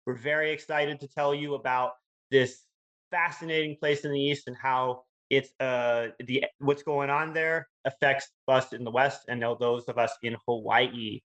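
A man's voice: mid-range voice, normal speed, muffled recording. Eager young-sounding male podcast host. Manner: eager, restarts and fillers, excitable. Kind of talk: casual interview. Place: Hawaii.

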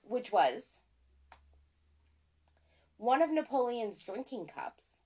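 A woman co-hosting a podcast in casual chat, excitable and self-deprecating, stumbling over words when she gets worked up. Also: a little high, takes it slowly. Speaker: podcast co-host.

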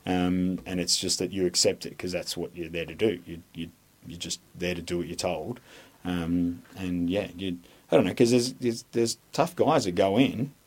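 Blunt, rambling Australian man, low voice. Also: fairly even intonation, normal speed, darkish tone. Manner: rambling and blunt, many fillers and restarts, swears freely. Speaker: podcast guest, former army instructor. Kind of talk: casual interview storytelling.

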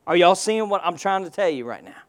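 A man's voice: high voice, expressive, fast. A male pastor preaching a sermon, firing rhetorical questions and call-and-response prompts at his congregation.

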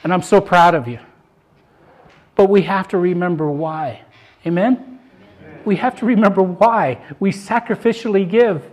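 This older male pastor, whose voice sits fairly high, moves from loud, building emphasis to soft contemplation while reading and explaining scripture in a sermon. He speaks at a normal speed and pauses often.

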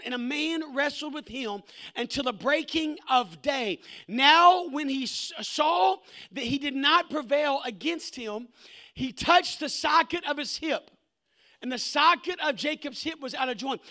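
A man's voice: very high-pitched, lively intonation, unhurried, pushed and bright. A man preaching a sermon, impassioned, who repeats words and acts out the lines of the story.

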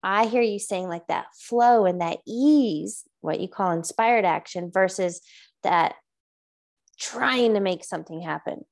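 A woman's voice: mid-range voice, measured pace, gravelly. A woman hosting an interview, affirming her guest and asking questions. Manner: warm, affirming, asks questions. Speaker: host. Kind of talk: conversational interview.

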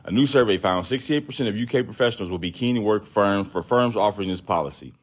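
Profane, animated man telling a story. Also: fairly low pitch, fast, slightly rough. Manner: profane, animated, acts out quoted voices. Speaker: podcast host. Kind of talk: casual storytelling rant.

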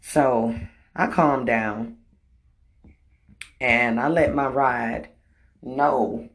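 A woman telling a personal story in a blunt, profane, emotional way. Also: rumbling low. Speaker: storytelling vlogger. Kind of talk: casual storytime monologue.

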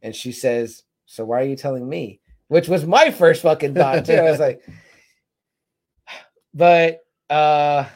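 A man's voice: on the high side, takes it slowly. A man in his forties in casual chat, retelling a horror film with lots of swearing and fillers. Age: 40s. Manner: profane, animated storyteller with many fillers. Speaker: podcast co-host.

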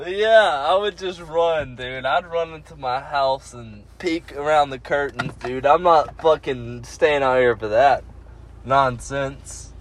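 A man's voice: mid-range voice, slow pace, fairly bright tone, slight background noise. A man hosting a podcast in casual chat from a parked car, rowdy and profane, laughing often. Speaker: podcast host.

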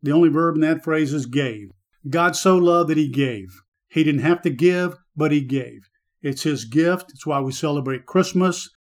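Earnest male Bible teacher, higher voice. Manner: earnest, measured preaching delivery. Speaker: radio Bible teacher and host. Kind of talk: short devotional Bible teaching.

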